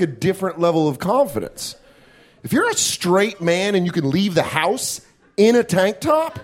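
A man doing a stand-up comedy set on a club stage, profane and self-mocking, slipping into quick put-on voices. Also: on the high side.

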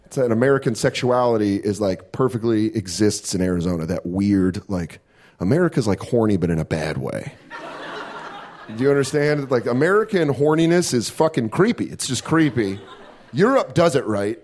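A man doing a stand-up comedy set on a club stage, profane and self-mocking, slipping into quick put-on voices. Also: medium pitch, lively intonation, darkish tone.

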